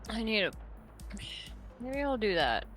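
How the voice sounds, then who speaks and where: A woman's voice: fairly high pitch, big pitch swings, unhurried, fairly bright tone, soft background music. A woman chatting and laughing with friends on a voice call, playful and with casual swearing. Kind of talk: casual chat while drawing.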